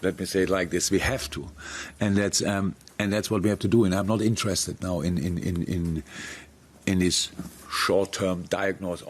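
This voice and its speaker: Football manager at a presser, really deep voice, a bit of hiss, frank and restless. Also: male voice, moderate pace. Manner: frank, animated, many restarts. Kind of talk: press conference answers. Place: press conference room.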